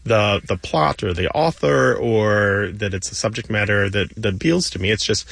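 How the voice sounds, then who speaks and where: A man's voice: lowish voice, moderate pace, creaky, hardly any pauses, a bit bright, dry recording. Patient man explaining words on radio. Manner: patient, explains word lore step by step. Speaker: radio show co-host on language. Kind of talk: casual explanatory radio chat. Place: radio studio. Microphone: studio microphone.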